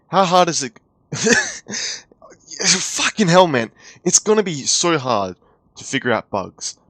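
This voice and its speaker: Ranting man, dry low voice. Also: a bit bright, no room sound. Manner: profane, exasperated, ranting. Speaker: YouTube commentator. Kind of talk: heated commentary rant.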